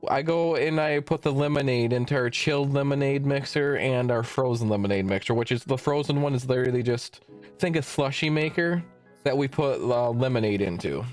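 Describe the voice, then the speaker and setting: A young man streams from home, speaking briskly at a medium pitch over soft background music. He rants casually through a long work story, rambling, swearing, and interrupting himself to backtrack.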